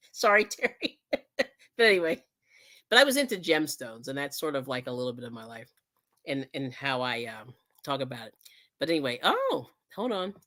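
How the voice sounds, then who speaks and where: Middle-aged woman, livestream host, low voice with lively swings, rambling friendly chat. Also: moderate pace, pauses often. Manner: chatty, rambling, laughs often, reads out chat comments.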